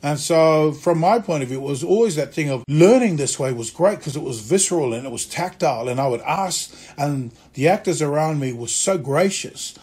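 A male actor and acting teacher telling stories from his career in a lively way, acting out the voices of people he quotes. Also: a little high, moderate pace, few pauses, husky. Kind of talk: conversational storytelling interview.

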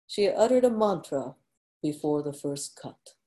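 A woman reading a story aloud in a measured, unhurried narration. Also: deep voice, lively intonation, dark tone.

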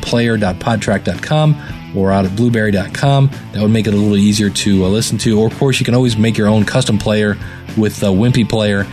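A man's voice: fairly low pitch, a little mellow. Conversational man reviewing a podcast. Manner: conversational, with filler words and deliberate word stress. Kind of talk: casual spoken critique.

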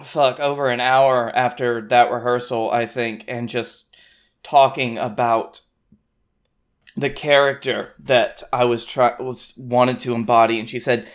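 A man's voice: medium pitch, level tone, a little slow. Young guy on a podcast, average voice, thoughtful, rambly chat. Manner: reflective, rambling with many fillers and restarts. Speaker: podcast co-host. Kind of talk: casual chat.

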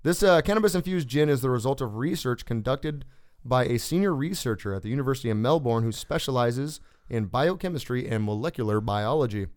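A man hosting a casual podcast, reading news stories in a relaxed, joking way with fillers. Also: medium pitch, a little fast, clean tone. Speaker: podcast host.

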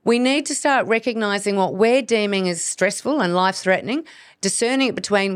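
Woman host, earnest health-coach delivery, mid pitch, dry booth sound. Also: fairly quick, no echo. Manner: earnest, coaching, acts out inner voices. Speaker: podcast host, hormone practitioner. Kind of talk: solo educational podcast talk.

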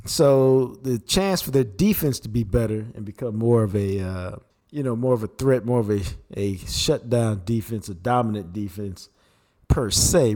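A man co-hosting sports talk, breaking down football and chatting about sponsors in a steady, conversational way. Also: on the low side. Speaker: sports radio co-host. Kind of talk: casual football analysis.

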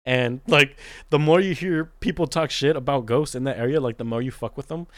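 A man's voice: mid-range voice, brisk, fairly bright tone, no echo, studio quality. A young man co-hosting a podcast in casual chat, rambling, swearing and laughing often. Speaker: podcast co-host.

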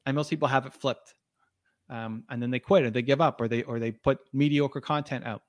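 A man's voice: medium pitch, fairly even intonation, a little fast, dry recording. A man speaking as a podcast guest in an earnest, motivational way, with frequent restarts and fillers. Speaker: podcast guest, video creator. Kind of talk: conversational interview.

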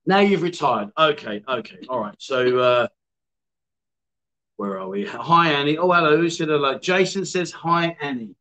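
A man's voice: on the high side, normal speed, bright, forceful tone, muffled recording. Guy hosting a livestream, joking around and reading viewer comments. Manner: jokey, teasing, reads out viewer comments. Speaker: livestream host. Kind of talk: casual livestream chat.

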